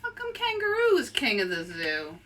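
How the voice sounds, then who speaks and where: A woman's voice: fairly high pitch, huge pitch swings, normal speed, fairly bright tone. A woman voicing a small, boastful male chameleon who is easily upset, speaking in indignant exclamations.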